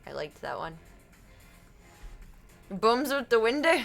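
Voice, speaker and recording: Young woman streamer, bright voice, higher pitch, giggly rambling chat, faint music behind. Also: very animated, slow, vocal fry. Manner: giggly, rambling, self-deprecating. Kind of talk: casual live-stream chat.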